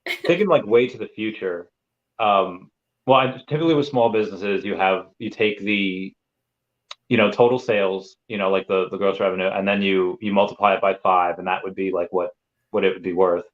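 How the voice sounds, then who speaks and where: Brisk and low-pitched, this thirty-something podcast host chats casually, wandering through long stories stuffed with filler words. The sound is muffled and lo-fi.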